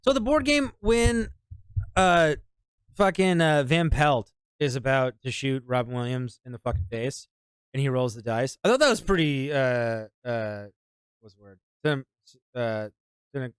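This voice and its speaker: A man's voice: medium pitch, expressive, a little slow, smooth, no room sound. A man co-hosting a casual movie review podcast, laid-back and profane. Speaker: podcast co-host.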